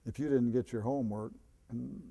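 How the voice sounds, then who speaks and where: Gravelly, dark-voiced older man reminiscing. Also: mid-range voice, fairly even intonation. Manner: halting, many fillers and restarts. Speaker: interviewee, former student. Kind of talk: reminiscing interview.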